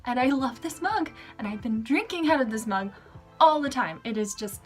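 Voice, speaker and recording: A woman's voice: fairly high pitch, expressive, normal speed, husky, soft background music. A young woman talking casually in a vlog, gushing with bubbly enthusiasm about things she loves. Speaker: vlogger.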